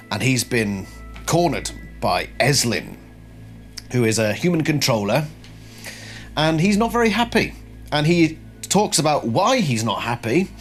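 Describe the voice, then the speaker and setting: A man talks casually to camera from a home room that is being redecorated, in a rambling, chatty, self-deprecating way. His voice is mid-pitched, and faint music plays behind him. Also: a bit bright. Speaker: lore video host. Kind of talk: casual talking-head commentary.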